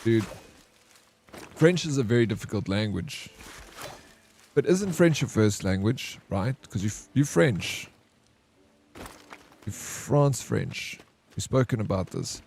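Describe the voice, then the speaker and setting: A man's voice: fairly low pitch, expressive, measured pace, pauses often, a little mellow, slight background noise. A man from South Africa with a South African accent, chatting casually on a live game stream, joking and teasing viewers. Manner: joking, teasing banter, greets and thanks viewers. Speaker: variety streamer. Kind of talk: casual live-stream chat while gaming.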